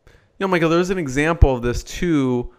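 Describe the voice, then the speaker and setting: A man's voice: fairly high pitch, a little fast, clean tone. A man hosting an interview, asking casual questions with hesitant fillers. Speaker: host. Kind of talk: interview conversation.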